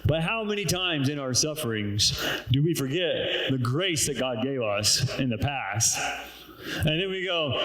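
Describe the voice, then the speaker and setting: A man's voice: medium pitch, very animated, unhurried, a bit bright. A man preaching a casual, joking sermon and reading scripture aloud, chuckling at his own jokes. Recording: very echoey room.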